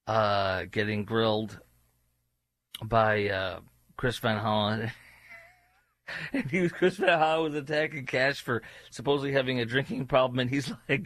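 A man's voice: medium pitch, bright, forceful tone, dry recording. A man guest-hosting a political talk radio show, speaking in a sarcastic, mocking way.

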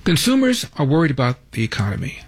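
A man's voice: on the high side, wildly swooping pitch, fast talker. A man hosting a talk radio show, delivering news items with wry, sarcastic asides from a studio.

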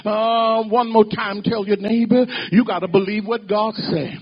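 A man with a high, husky voice preaches a sermon in rhythmic call and response, slipping a drawn "uh" between phrases. He swells and drops in loudness as he urges the congregation on. The sound is dull and lo-fi. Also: fairly even intonation, measured pace, soft background music. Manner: exhorting the congregation, rising and falling in loudness.

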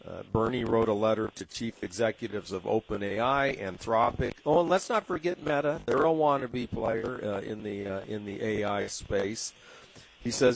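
A man's voice: on the low side, normal speed, creaky, slight background noise, low-quality recording. A middle-aged man from Southern California with a local accent, hosting a radio talk show in a rambling way with lots of fillers. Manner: rambling, many fillers and restarts. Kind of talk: casual radio commentary.

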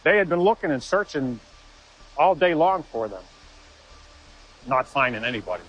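A man telling a personal story in an interview, earnest and halting, with frequent restarts. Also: mid-range voice, sing-song, fairly bright tone, slightly rough, lo-fi sound. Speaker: interviewee, former Marine.

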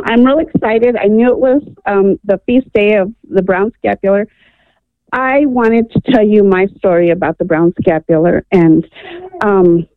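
On a dry, tinny phone line with no echo, a mid-range female caller from New Mexico offers heartfelt testimony to a radio show, peppering her personal story with ums.

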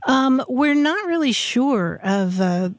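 Casting: female radio co-host, measured explainer, dry studio sound. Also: high voice, sing-song, no echo. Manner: measured, explanatory, slow with fillers. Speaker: radio co-host, word expert. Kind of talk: radio talk, explaining words.

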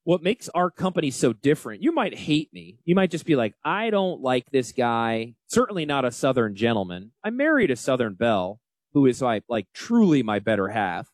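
A man in his forties with a Northern US accent, hosting a radio talk show on financial planning. He talks loudly and energetically, joking and yelling into a close mic. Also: medium pitch, very animated, fairly quick, no echo. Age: 40s. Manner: loud, yelling. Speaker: financial advisor radio host. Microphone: close studio mic.

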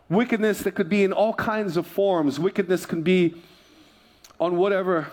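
A pastor with a fairly high voice preaches from a church stage. He tells his story in a loose, conversational way, full of asides and quick laughs. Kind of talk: sermon. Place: church sanctuary.

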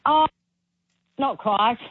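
A woman's voice: on the high side, drawn-out words, slightly rough, dry recording. A woman with an Australian accent calling in to a radio show, friendly and chatty with laughs. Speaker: caller. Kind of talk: phone-in chat. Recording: tinny phone line.

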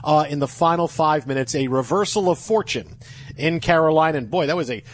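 A man hosting a sports talk radio show, excitable and jokey. He breaks into loud cheers and reads sponsor spots. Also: on the high side, brisk, no room sound. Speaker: sports radio fill-in host.

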